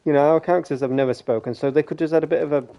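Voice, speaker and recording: A man's voice: a little high, fairly even intonation, racing, lo-fi sound. A young man rambling casually over gameplay on a headset mic, chatty, laughing often and swearing. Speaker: game streamer. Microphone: gaming headset.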